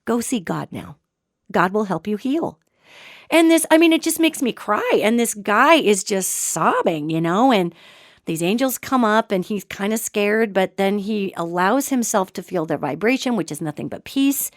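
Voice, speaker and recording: A woman hosting a show and telling a story in an animated, dramatic way, with sudden swings between loud and soft. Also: mid-range voice, normal speed, no echo, studio quality. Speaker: podcast host and psychic. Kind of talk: storytelling monologue.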